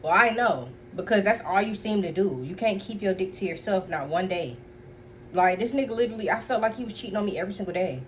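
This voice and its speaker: A young woman chatting straight to her viewers in a loose storytime vlog, packing her talk with fillers and blunt swearing. Her voice sits in a middle pitch, and a faint hiss runs under the recording. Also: expressive, fast talker. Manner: chatty, full of fillers, addresses viewers as y'all; blunt and profane. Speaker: storytime vlogger.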